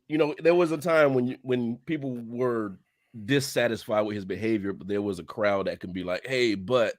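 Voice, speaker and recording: A man's voice: medium pitch, no room sound, clean studio sound. A man moderating a casual, joking group conversation, laid-back and swearing freely. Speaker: show moderator. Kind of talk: casual podcast chat.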